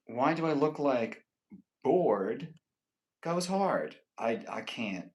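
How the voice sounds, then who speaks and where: A young man chatting casually with his stream viewers and rambling through animated stories full of fillers. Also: medium pitch, takes it slowly, poor audio. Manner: rambling, animated storytelling full of "like" and "you know".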